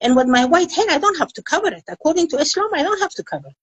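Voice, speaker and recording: An older Afghan woman, a women's rights activist, speaks earnestly in an emotional interview indoors in Kabul, repeating phrases for emphasis. Her voice is high, sing-song, and very fast. There's no echo, but the audio quality is poor.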